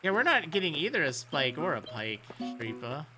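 Guy streaming a game, lively up and down voice, laughs a lot, game music loud behind him. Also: a little high, normal speed. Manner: chatty, laughs often, talks to the game characters. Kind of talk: casual gameplay commentary.

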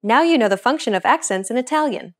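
A woman hosting a language lesson, reading a script with a clear, upbeat teacher's delivery. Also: on the high side, lively intonation, fast.

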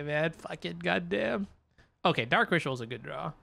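A young adult card game player thinking aloud during a match, swearing often in frustration between calmer planning. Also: medium pitch, moderate pace, vocal fry. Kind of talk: live gameplay commentary, thinking aloud.

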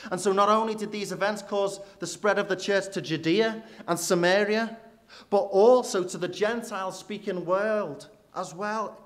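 A man, preaching a sermon in church with rhetorical questions, dropping low and quiet for emphasis. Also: normal speed.

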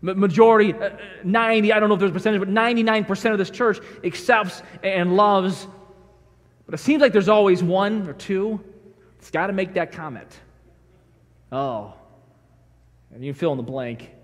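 A man's voice: high voice, moderate pace, pauses often. A man preaching a sermon as a pastor, emphatic, acting out the people he quotes. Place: church sanctuary. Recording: reverberant church sanctuary.

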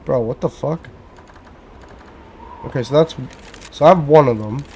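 A man's voice: mid-range voice, unhurried, warm tone, slight background noise. A young man from Canada, giving casual, profane commentary as he plays and talks to himself. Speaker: gamer.

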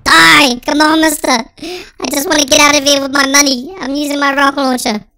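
A gaming channel host giving excitable, dramatic let's-play commentary through a sped-up chipmunk voice filter. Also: high voice, a little fast, no echo.

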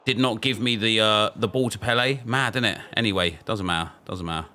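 A young man chatting casually while playing a football video game, reacting with excited outbursts and frustrated self-talk. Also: lowish voice, fairly quick. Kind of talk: casual gameplay commentary.

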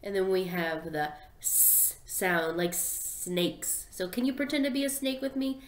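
A young woman teaching a phonics lesson to small children, sounding out letters slowly and in a sing-song way. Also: mid-range voice. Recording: echoey room.

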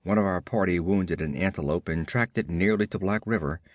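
A man's voice: sits low, brisk, no echo, studio quality, voice pushed down, lightly acted. Man voicing a harsh frontier settler chief. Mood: stern. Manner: harsh, clipped. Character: stern frontier settler leader, man, hard.

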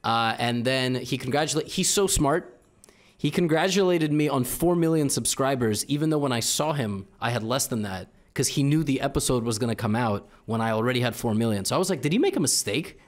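A young man casually telling a funny story to his viewers, chatty and animated. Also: medium pitch, brisk. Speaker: chess streamer.

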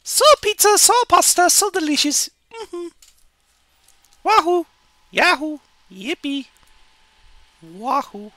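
A man's voice: very high-pitched, big pitch swings, takes it slowly, long pauses, pushed and bright, dry recording, voice pushed up, heavily acted. A man voicing a jolly Italian plumber hero in broken English with a put-on Italian-style accent, squealing exuberant exclamations. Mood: gleeful.

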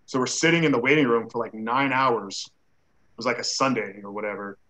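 A man's voice: mid-range voice, fairly quick, pushed and bright, low-quality recording. A man who is a guest on an interview show, telling a personal story in a casual way. He acts out the dialogue he quotes and uses many "like" fillers.

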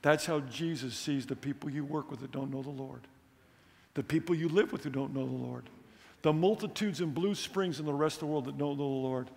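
A man's voice: on the high side, brisk, creaky, a little mellow, in a large hall. A man preaching a missions sermon in a church, emphatic, with humorous asides and rising questions.

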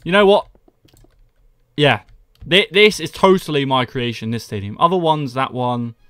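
A young man with a medium-pitched, slightly bright, smooth voice speaks at normal speed on a dry recording. Live-streaming Minecraft, he reads the chat aloud, jokes with viewers and answers them by name.

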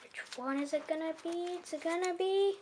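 A woman's voice: very high voice, moderate pace, a little mellow, far from the mic, slight background noise. A young woman chatting casually in a vlog, giggly and self-deprecating, holding the camera herself. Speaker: vlogger. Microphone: camera mic, handheld camera.

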